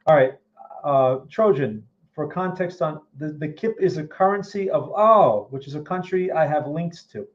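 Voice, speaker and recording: A man's voice: a little high, animated, moderate pace. Blunt, skeptical man on a lo-fi stream. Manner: blunt and skeptical, repeats words and asks "okay?" and "right?". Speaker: trading channel host answering viewer questions. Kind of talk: casual live-stream market commentary.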